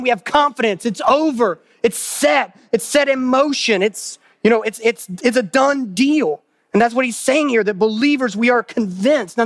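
A pastor preaching a sermon, earnest, repeating phrases for emphasis and asking the listeners questions. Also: male voice, very high voice, a bit bright, no room sound, clean studio sound.

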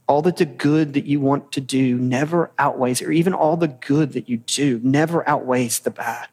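A pastor preaching a sermon in a pointed, challenging way, with rhetorical questions and casual asides. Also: male voice, mid-range voice, moderate pace, darkish tone, in a large hall. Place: church sanctuary.

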